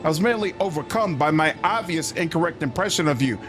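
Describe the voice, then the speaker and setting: A man's voice: on the high side, lively intonation, fast talker, close to an everyday voice. A man voicing a flustered, prim, well-bred lady who owns a robbed manor, reading game dialogue aloud. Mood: flustered polite. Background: game music.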